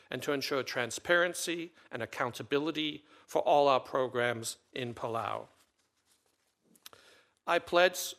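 A man reading a prepared statement before a committee in a measured, formal way. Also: medium pitch, sharp tone. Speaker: ambassador nominee testifying.

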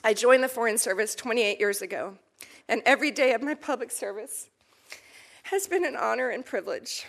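A woman's voice: fairly high pitch, creaky, fairly bright tone. Earnest American woman giving formal testimony. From United States. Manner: measured, earnest, emotional at times. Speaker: ambassador nominee testifying. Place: committee hearing chamber.

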